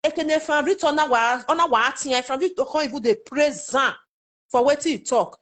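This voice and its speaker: A woman's voice: sits high, expressive, brisk. Chatty woman with a Nigerian Pidgin accent. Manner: exclamatory, chatty, addresses viewers directly. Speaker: social media commentator. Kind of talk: casual live commentary to viewers.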